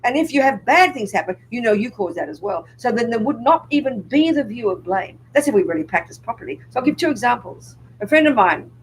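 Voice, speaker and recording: A woman's voice: on the high side, animated, a little fast, hardly any pauses, a little hiss or hum, poor audio. Older nun lady teaching buddhism to a crowd, punchy, keeps firing questions at them. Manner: emphatic, asks the audience rhetorical questions. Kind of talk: public dharma talk to an audience.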